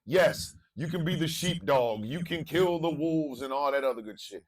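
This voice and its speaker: A male morning show host, delivering an impassioned monologue, repeating phrases and swinging from low murmurs to shouting. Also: expressive, moderate pace, recorded from a distance.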